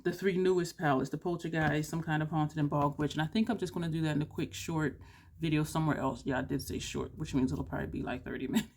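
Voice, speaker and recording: An excitable woman talks straight to camera about makeup, half-yelling with enthusiasm. Her voice sits a little low for a woman, and she chatters casually, sprinkling "y'all" and the occasional curse. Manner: drawling, southern-style "y'all" chatter, playful cursing. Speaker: beauty vlogger.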